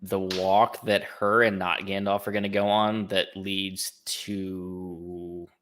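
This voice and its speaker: A man with a very low yet bright voice, chatting casually. He answers with dry, wry comments and short laughs. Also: level tone, slow pace, a little hiss or hum. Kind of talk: casual chat.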